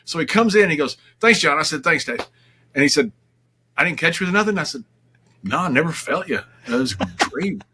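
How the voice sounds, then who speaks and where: An older man, telling lively wrestling-road stories in a casual chat, laughing as he goes. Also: fairly high pitch, a little fast, slight background noise. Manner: laughing, animated anecdotes with quoted voices. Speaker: guest.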